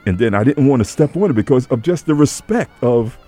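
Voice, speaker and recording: A man hosting a radio show in casual chat, an animated storyteller who acts out voices in his anecdotes. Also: medium pitch, brisk, faint music behind.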